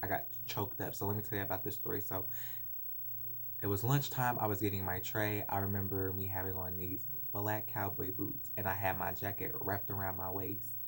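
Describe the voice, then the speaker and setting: A man's voice: low-pitched, flat delivery, moderate pace. A man talks straight into his phone, telling a story from his own life in loose, rambling chat. He fills his sentences with "like" and slips into other people's voices as he goes. A faint hiss sits under his voice. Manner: rambling, lots of "like" fillers, acts out voices in stories. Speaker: vlogger. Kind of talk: casual personal storytelling.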